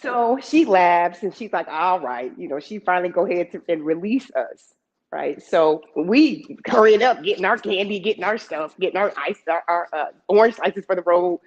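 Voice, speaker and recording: A woman telling a personal story to a live audience in a lively, conversational way, heard in a dull lo-fi recording. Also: fairly low pitch, moderate pace. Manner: lively, conversational, with laughs and asides. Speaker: storyteller and emcee.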